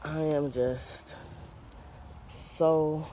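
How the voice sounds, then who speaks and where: A man's voice: on the high side, steady tone, very slow, warm tone. A man talks to his camera outdoors in a garden, sounding fed up and discouraged as he walks around. Insects and faint outdoor ambience hum behind his voice. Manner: frustrated, discouraged venting. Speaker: gardening vlogger. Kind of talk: casual vlog talk.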